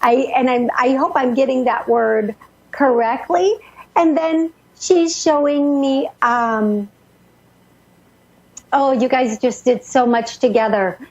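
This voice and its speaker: A high-voiced woman with a husky, breathy tone channels messages for a caller, hurrying and restarting her sentences as the words tumble out. The sound is dull and lo-fi, like an old radio broadcast. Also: steady tone. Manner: rushed, breathless relaying with many restarts. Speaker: psychic medium radio host.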